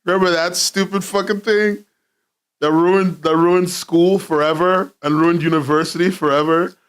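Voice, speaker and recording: A man's voice: high voice, steady tone, moderate pace, smooth. A young man streaming from his home in London, rambling casually, laughing often and swearing freely.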